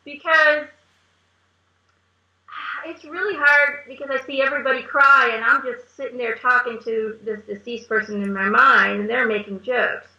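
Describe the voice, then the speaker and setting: Chatty female guest, higher bright voice with gravel. Echoey, muffled recording. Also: steady tone, moderate pace. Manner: chatty storytelling, often laughing. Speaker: guest medium. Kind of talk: casual interview chat.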